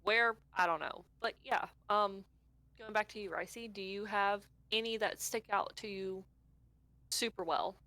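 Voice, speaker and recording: A woman co-hosting a casual podcast, retelling movie scenes with animated storytelling and casual swearing. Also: mid-range voice, unhurried, dry recording. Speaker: podcast co-host.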